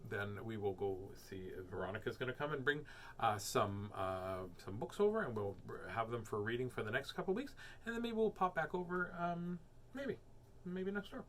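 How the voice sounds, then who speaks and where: A man's voice: mid-range voice, lively intonation, moderate pace, a bit bright, slight background noise. A man hosting a children's reading show, chatting casually and playfully to his viewers. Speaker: children's book reader and host.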